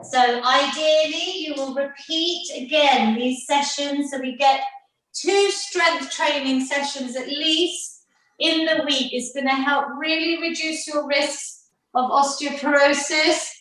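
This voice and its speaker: A woman's voice: high-pitched, slow pace, a bit bright. A woman fitness instructor leading an online workout class, upbeat and encouraging, counting down the reps. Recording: very echoey room, mic far off.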